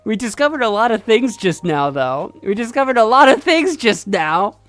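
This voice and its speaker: Lively, playful male streamer. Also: high-pitched, moderate pace. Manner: playful, excitable, thinking aloud. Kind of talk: casual gameplay commentary.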